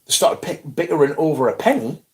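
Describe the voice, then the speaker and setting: A middle-aged man, telling an animated, swear-filled story on a casual livestream. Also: fairly high pitch, brisk. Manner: swearing, animated anecdote with quoted voices. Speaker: livestream host.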